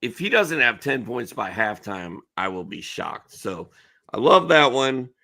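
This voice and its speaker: A man's voice: medium pitch, sing-song, unhurried, vocal fry, pushed and bright. A man co-hosting a fantasy basketball betting show, laid-back and confident in casual chat. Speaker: co-host.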